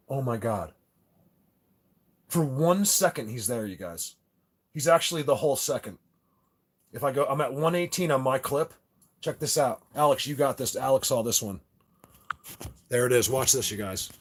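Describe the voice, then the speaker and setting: A man hosting a live video, talking excitedly and rambling straight to his viewers. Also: on the high side. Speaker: livestream host.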